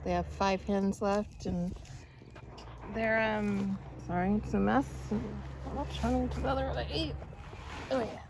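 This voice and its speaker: Slow-talking woman cooing at backyard animals. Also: steady tone, background noise. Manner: coos baby talk to her animals in high tones. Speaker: backyard poultry keeper vlogger. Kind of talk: casual vlog chat. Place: outdoors in a backyard.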